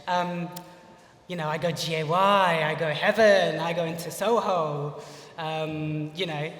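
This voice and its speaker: A man's voice: a little high, steady tone, a little slow, a bit bright. Chatty British man telling stories on stage. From United Kingdom. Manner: chatty, funny, says "you know" a lot. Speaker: speaker at a live lecture. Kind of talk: personal storytelling talk. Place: lecture hall on stage. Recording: echoey hall from far off.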